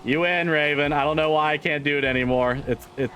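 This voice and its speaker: A man's voice: on the high side, fairly even intonation, fairly quick, fairly bright tone. A man streaming a driving game live, chatting casually, swearing and repeating himself as he gets frustrated.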